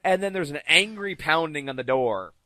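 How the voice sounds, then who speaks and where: Male podcast regular, bright lively storyteller who slips into voices, close dry sound. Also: fairly high pitch, moderate pace, dry recording. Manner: animated, acts out quoted voices. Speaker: podcast regular telling stories. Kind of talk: casual storytelling.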